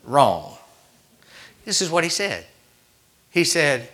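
A man's voice: a little high, sing-song, takes it slowly, pauses often, a bit bright. A man, preaching by telling a folksy story with rising fervor. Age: 60s. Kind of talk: storytelling sermon.

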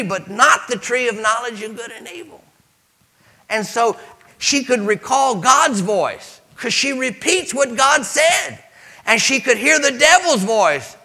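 A man preaching a sermon as pastor, animated, with sudden swings between loud emphasis and hushed asides. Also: high-pitched.

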